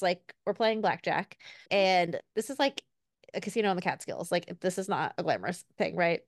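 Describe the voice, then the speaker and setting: A chatty woman in her thirties co-hosts a casual podcast. She talks in quick asides full of fillers and puts on her toddler's voice when she tells a story. The sound is close and dry, with no room around it. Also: on the low side, dry recording. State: recovering from illness. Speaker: podcast co-host. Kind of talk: casual chat.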